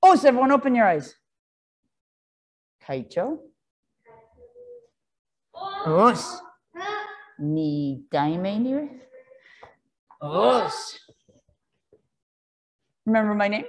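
A woman karate instructor leading a children's class, calling commands and counting in Japanese, encouraging but gently firm. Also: mid-range voice, big pitch swings, drawn-out words, pauses often.

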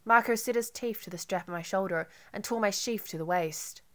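A woman narrating an audiobook in an intimate, measured first-person reading. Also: medium pitch.

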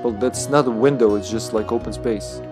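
A man's voice: medium pitch, a little fast, over music. A man streaming a video game, chatting casually and jokingly as he plays. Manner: playful, joking, reads in-game lines aloud. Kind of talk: casual gameplay commentary.

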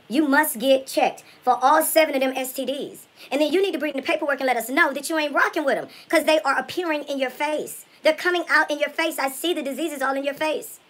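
A woman's voice: high voice, fairly bright tone, rough recording. A woman impersonating a brash, foul-mouthed woman vlogger in a comedic spoof, ranting at her haters with nonstop profane insults. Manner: profane, insult-hurling trash talk.

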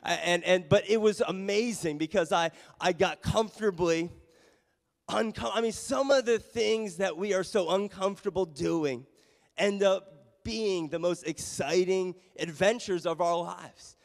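A man pastor preaching a sermon and telling a personal story in a lively, self-mocking way, recorded in a church sanctuary. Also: sits high, measured pace, vocal fry. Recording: long reverb of a church hall.

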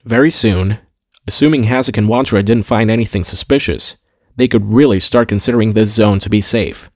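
Low-voiced male audiobook narrator. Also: fairly quick, dry recording, clean studio sound. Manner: steady, clear storytelling. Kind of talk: scripted narration.

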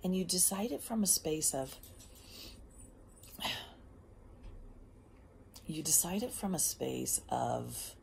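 Woman host, low and husky-gravelly voice, casual motivational chat, whispery asides, faint background noise. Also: very animated, takes it slowly, pauses often. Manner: emphatic, drifts between soft whispers and bursts. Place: outdoors.

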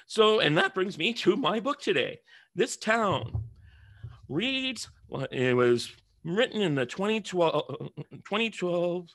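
A man's voice: high-pitched, animated, slow, a bit bright, no room sound. A man giving casual commentary while reviewing a book, rambling and correcting himself, with sarcastic asides as he reads passages aloud.

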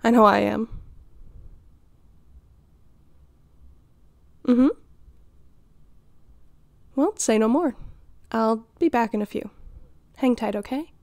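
A woman voicing a doting, flirty middle-aged mother in an audio role-play, nurturing and teasing with giggles and flustered pauses. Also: fairly high pitch, creaky, darkish tone, no echo, studio quality.

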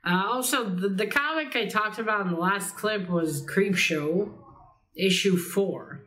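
A woman's voice: medium pitch, a little slow, fairly bright tone. A young adult woman chatting casually in a reading vlog, rambling and swearing lightly, with a slight cold. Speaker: book vlogger.

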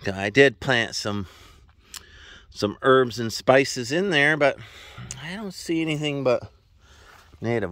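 Rancher vlogger, folksy and rambling, lively pitch, recorded outdoors walking. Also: male voice, a little slow, pauses often, no room sound. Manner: rambling, folksy, chatting to his horse. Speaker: farm vlogger. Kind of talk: casual walk-and-talk vlog. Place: outdoors on a ranch in a wet meadow.

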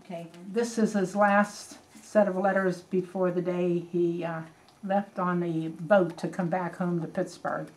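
An older woman reminiscing in a documentary interview, speaking haltingly and repeating words when she is moved. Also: lowish voice, flat delivery, darkish tone. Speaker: widow recalling wartime letters.

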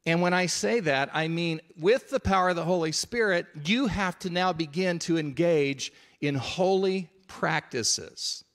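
A man's voice: a little high, a little slow, few pauses, a bit bright. A man preaching a sermon in an earnest, conversational, emphatic way.

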